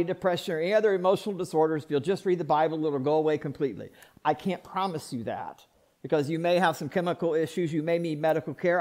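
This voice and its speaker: A male pastor preaching a sermon in an emphatic, repetitive way, with sudden swings from loud to soft. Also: a little high.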